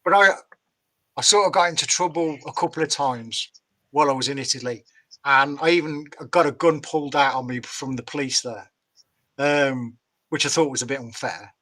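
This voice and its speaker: A man's voice: mid-range voice, moderate pace, bright, forceful tone. An English man telling a rambling, self-amused travel story in casual chat. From England. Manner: rambling, laughs at his own story. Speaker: guest storyteller. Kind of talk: casual storytelling on a live call.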